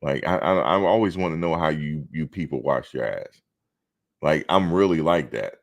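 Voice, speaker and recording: A man's voice: rumbling low, moderate pace, gravelly. A man hosting a live stream, talking casually and bluntly, outspoken and swearing freely.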